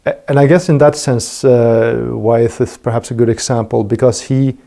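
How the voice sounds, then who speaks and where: A man hosting a podcast in a loose, conversational way, working out his thoughts aloud with many restarts. His voice has a gravelly, creaky edge and a dark, mellow tone, sitting at an ordinary pitch for a man. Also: steady tone, moderate pace. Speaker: podcast host. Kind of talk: casual conversational interview.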